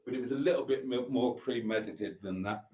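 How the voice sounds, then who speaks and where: Mellow, middle-pitched male host, rambling and teasing in casual chat. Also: fast talker, rough recording. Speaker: host of a live stream.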